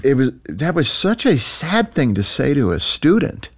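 A man's voice: on the high side, big pitch swings, normal speed. A man hosting a faith-based conversation, asking his guests questions and affirming them. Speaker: host. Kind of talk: conversational interview.

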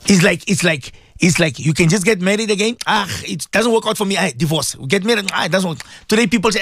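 A man's voice: high voice, expressive, fast talker, hardly any pauses, fairly bright tone, no echo, clean studio sound. A man giving an impassioned radio sermon, hammering home repeated rhetorical questions to his listeners. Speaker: radio presenter giving Islamic advice.

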